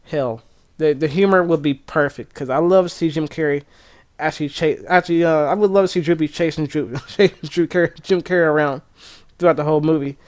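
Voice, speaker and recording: Excitable man with a smooth, clear voice. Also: on the high side, a little fast. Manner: rambling, excitable, with frequent restarts. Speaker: gaming streamer. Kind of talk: casual chat.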